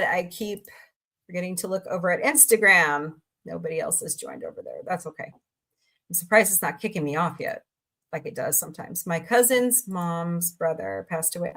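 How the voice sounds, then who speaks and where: A woman's voice: mid-range voice, fairly bright tone. Middle-aged woman streamer, loose and talkative, chats back to her viewers. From Southwest Missouri, USA. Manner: chatty, rambling, answering chat messages. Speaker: livestream host. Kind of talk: casual livestream chat.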